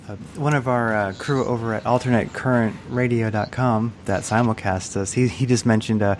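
A man's voice: medium pitch, steady tone, normal speed, a little hiss or hum. Man asking hesitant interview questions. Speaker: podcast interviewer host. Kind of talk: casual interview.

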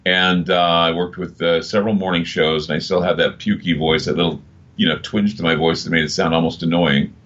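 Low-voiced man, rambling storyteller. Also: fairly even intonation, fairly quick, fairly bright tone. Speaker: radio broadcaster guest. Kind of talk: casual interview talk. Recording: dull lo-fi sound.

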